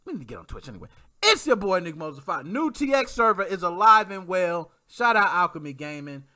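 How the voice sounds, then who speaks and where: Animated bright-voiced male podcast host. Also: sits high, fairly quick. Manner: animated slangy shout-outs, reads chat comments. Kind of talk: casual livestream podcast chat.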